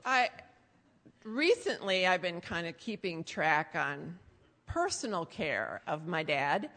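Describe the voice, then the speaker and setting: Bright-voiced sarcastic woman in a hall. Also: lowish voice, sing-song, slow pace. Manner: sarcastic, teasing. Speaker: daughter telling family stories. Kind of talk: humorous storytelling to an audience.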